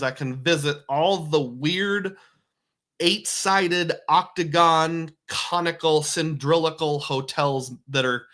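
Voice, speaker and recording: Male livestream host, bright forceful tone, casual chat reading comments and thanking donors. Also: a little high. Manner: reads viewer comments and thanks donors, chuckling often. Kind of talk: casual live-stream chat.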